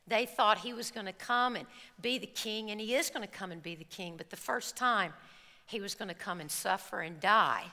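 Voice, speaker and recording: A woman preacher telling an animated personal story in a sermon, acting out the scenes before turning to scripture. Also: medium pitch. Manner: animated storytelling, acts out screams and quotes. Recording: reverberant hall.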